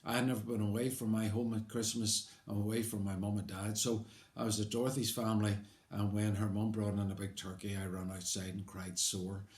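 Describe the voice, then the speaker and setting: A man's voice: on the low side, level tone, a little fast, a little mellow. An older man with a Belfast accent, telling his own life story in a conversational, wry way, rambling a little with fillers. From Belfast, Northern Ireland. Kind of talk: personal life story told aloud. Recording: roomy echo.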